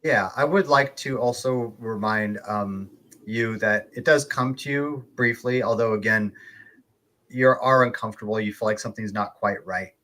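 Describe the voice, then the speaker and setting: A man narrating a tabletop game as game master, relaxed, with filler words and chuckles. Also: fairly low pitch, normal speed. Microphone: online stream call.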